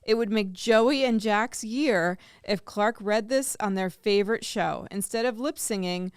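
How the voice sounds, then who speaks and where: A radio co-host with a medium-pitched, clear, resonant voice reads listener letters into a studio microphone, sounding upbeat and amused. She speaks unhurriedly, and there's no room sound.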